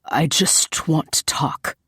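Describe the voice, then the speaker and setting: A woman reading an audiobook, voicing a young man who keeps his voice low and even. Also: slow, dry recording, studio quality. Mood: puzzled.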